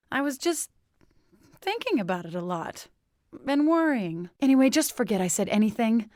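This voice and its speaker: An actress voicing a stubborn, defensive young farmer woman in a fantasy video game, talking with hesitant pauses. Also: medium pitch, no room sound, studio quality, natural voice. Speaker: game companion character.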